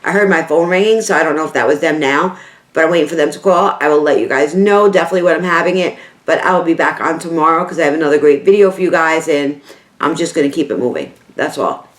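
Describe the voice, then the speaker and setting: A woman's voice: low voice, quick pace. A middle-aged woman with a New York accent, talking to camera in a heartfelt, rambling way and repeating herself for emphasis. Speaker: beauty vlogger. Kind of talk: emotional casual talk to camera. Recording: echoey room.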